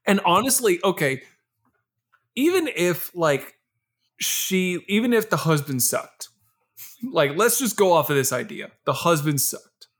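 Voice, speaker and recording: Animated high-voiced man from Georgia. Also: measured pace. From Georgia, USA. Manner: animated, laughing, mock-outraged. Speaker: podcast co-host. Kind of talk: casual film-review chat.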